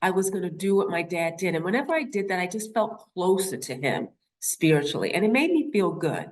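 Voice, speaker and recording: A woman's voice: on the low side, sing-song, a little fast. A woman in her fifties, a nurse, speaks to an audience. She tells a personal story, poses rhetorical questions and acts out the voices of the people she quotes. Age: 50s.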